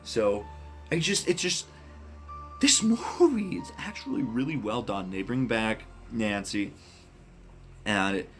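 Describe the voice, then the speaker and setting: A man casually ranking horror films, speaking bluntly, swearing often and getting excited about what he likes. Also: on the low side, slow pace, long pauses, faint music behind. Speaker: movie reviewer. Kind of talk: casual film ranking monologue.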